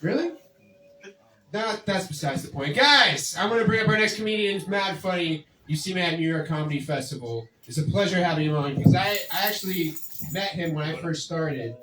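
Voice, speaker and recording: High-voiced, hyped comedy show host. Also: male voice, lively intonation, sharp tone, echoey room, recorded from a distance, a little hiss or hum, poor audio. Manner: hyped, fast introductions. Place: comedy club stage.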